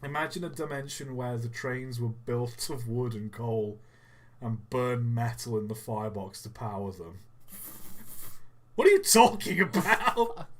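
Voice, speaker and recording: A man's voice: medium pitch, steady tone, normal speed. A man co-hosting a live stream, chatting casually in a rambling way with lots of laughter and filler words. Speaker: stream co-host.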